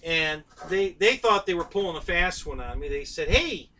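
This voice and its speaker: Male stream host: high, bright voice, loose rambling storytelling, a bit distant from the mic. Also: normal speed, slight background noise. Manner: rambling, chatty, with lots of fillers and restarts. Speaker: host of a live stream about model aircraft. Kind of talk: casual storytelling on a live stream.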